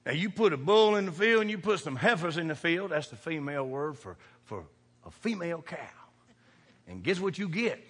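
Folksy preacher in a hall. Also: male voice, fairly high pitch, very animated, moderate pace. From American farm country. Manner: folksy preaching, shifting from quiet asides to shouting. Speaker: pastor. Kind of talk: sermon. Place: church sanctuary. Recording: reverberant hall.

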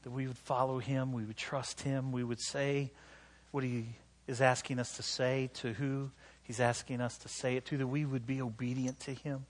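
A male pastor preaching with a slightly husky voice. He tells a story against himself with lively, animated delivery and acts out quotes, then moves into an earnest invitation to prayer. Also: mid-range voice, normal speed, hardly any pauses. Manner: animated, self-deprecating storytelling with acted-out quotes. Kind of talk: sermon.

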